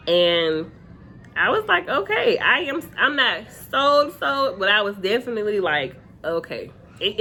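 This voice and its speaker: A woman's voice: lowish voice, pushed and bright, a little hiss or hum. A young woman casually recapping a reality dating show episode, chatty and full of fillers, often quoting cast members. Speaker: reality TV reviewer.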